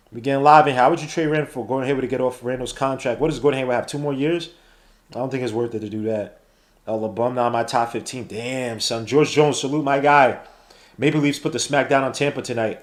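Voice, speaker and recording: A man, hosting a live sports watch-along podcast in casual, slangy banter, reading chat and calling plays. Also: medium pitch. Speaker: podcast host. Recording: roomy echo.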